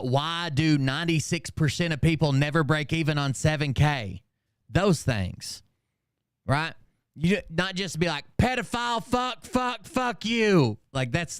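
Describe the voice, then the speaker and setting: A man's voice: a little high, clean tone, no echo, studio quality. A man hosting his channel, ranting casually with lots of swearing and rambling restarts. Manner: profane, rambling, exasperated. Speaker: channel host. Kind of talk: casual livestream rant.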